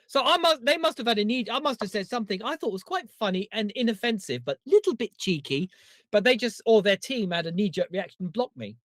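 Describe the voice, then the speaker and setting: A man with a rather high, lively voice tells rambling, jokey stories as a comedy podcast co-host. His delivery swings up and down in pitch. The sound is dry and close. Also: a little fast, no echo. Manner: animated, rambling, jokey storytelling. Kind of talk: casual comedic chat.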